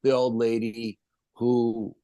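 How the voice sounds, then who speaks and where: A man's voice: medium pitch, level tone, takes it slowly, dark tone, dry recording. A middle-aged man telling a ghost-hunting story in a casual, rambling way, full of fillers and restarts. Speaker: paranormal investigator guest.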